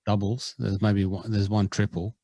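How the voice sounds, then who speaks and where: A man's voice: lowish voice, flat delivery, moderate pace, warm tone, no echo. Australian man, chatty podcast co-host. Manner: chatty, self-deprecating, rambling. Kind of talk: casual chat.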